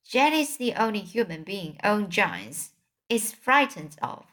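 A woman voicing a big friendly old male giant in a storybook reading, speaking softly in a hushed tone with muddled grammar. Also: mid-range voice, sing-song, a little slow. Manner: soft whispering, muddled grammar. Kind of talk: storybook read-aloud.

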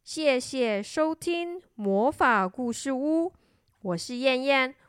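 A woman narrates a children's story in a slow, patient way. Her voice is high and very lively, rising and falling. The recording is dry and close. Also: clear, resonant tone, dry recording.

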